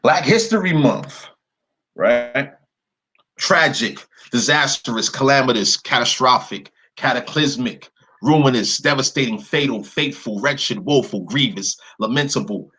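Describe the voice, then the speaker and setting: A man with a husky, slightly breathy voice talks through what is on his screen. He reads long strings of words aloud one after another, in a blunt and cursing manner. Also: mid-range voice, expressive, a little slow, sharp tone, rough recording. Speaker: presenter. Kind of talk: screen-share commentary.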